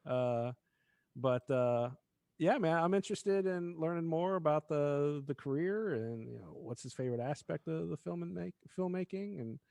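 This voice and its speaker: A man's voice: fairly high pitch, expressive, normal speed, vocal fry, warm tone, no room sound. A man co-hosting a casual internet radio show, laid-back and heavy on fillers. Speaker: co-host.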